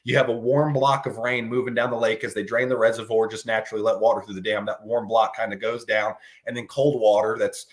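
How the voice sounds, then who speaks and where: A man in his thirties, a fishing guide hosting a casual podcast, talking in an animated, rambling way and saying "dude" a lot. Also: lowish voice, fast talker, hardly any pauses.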